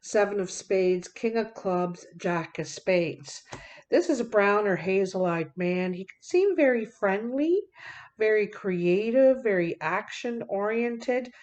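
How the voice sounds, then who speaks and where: A woman's voice: mid-range voice, lively intonation, slow, a little mellow. A woman giving a card reading to her viewers, talking in a folksy, direct way with many fillers. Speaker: card reader.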